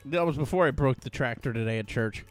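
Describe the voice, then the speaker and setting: A man co-hosting a podcast, telling a story in a profane, animated, casual way. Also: mid-range voice, quick pace, faint music behind. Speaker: podcast co-host. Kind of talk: casual chat.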